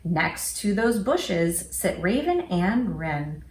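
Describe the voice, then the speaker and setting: A woman voicing a friendly, eager male bear from a storybook, loud and bouncy. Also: lowish voice, big pitch swings, takes it slowly, slight background noise, heavily acted. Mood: welcoming. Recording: roomy echo.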